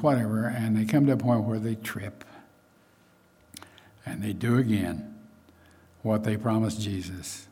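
A man's voice: medium pitch, dark tone. A man preaching a sermon in a conversational way, with frequent asides and fillers.

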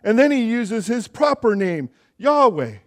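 High-voiced earnest male pastor preaching. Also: big pitch swings, measured pace. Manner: earnest, building to emphatic exhortation. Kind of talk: sermon. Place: church.

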